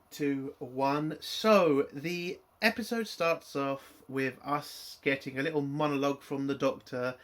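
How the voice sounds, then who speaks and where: Blunt, bright-voiced man reviewing. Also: on the high side. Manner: blunt, opinionated, swears freely. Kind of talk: casual spoken review.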